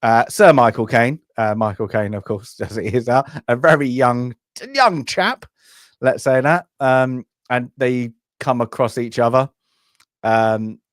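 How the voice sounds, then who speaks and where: Male co-host, mid pitch, rambling and blunt, dry close sound. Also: a little slow, no echo. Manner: rambling, many restarts and fillers, blunt. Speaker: film review co-host. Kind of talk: casual chat.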